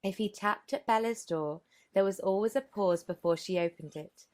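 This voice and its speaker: Low-voiced woman reading a classic novel. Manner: steady reading with small restarts. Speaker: audiobook narrator.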